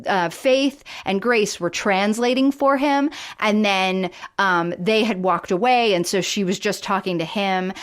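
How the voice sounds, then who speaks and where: A woman co-hosting a podcast, chatting casually and retelling scenes while acting out quoted lines. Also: medium pitch. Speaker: podcast co-host. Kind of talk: casual chat.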